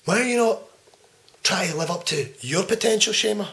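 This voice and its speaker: A Scottish man in his twenties cutting a profane, taunting wrestling promo that swings between loud jabs and hushed menace. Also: high voice, moderate pace, vocal fry. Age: 20s. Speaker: pro wrestler. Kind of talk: trash-talk wrestling promo.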